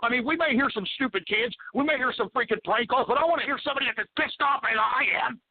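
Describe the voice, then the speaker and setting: A man's voice: extremely high pitch, quick pace. A man hosting a radio talk show, ranting angrily and exasperatedly with lots of swearing. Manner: swears a lot. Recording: tinny phone-like radio audio.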